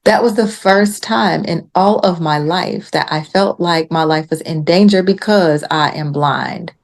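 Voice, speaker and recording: A woman guest on a podcast, telling a story in casual chat and acting out the quotes with lively jumps in her voice. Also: low-pitched, measured pace, gravelly. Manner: animated retelling with acted-out quotes.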